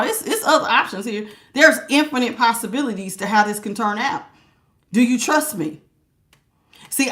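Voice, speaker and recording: Woman, bright and higher-pitched, an emphatic preachy tarot reader talking straight to her live viewers. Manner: preachy, emphatic, repeats words for stress. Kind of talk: live spiritual tarot reading.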